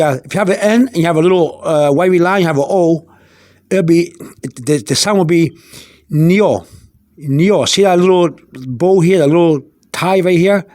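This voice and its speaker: A man teaching an informal vocabulary lesson, going slowly over each word, spelling words out letter by letter and wandering into asides. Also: sits high, darkish tone, no echo, studio quality. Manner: meandering, with many restarts and fillers. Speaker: Spanish teacher.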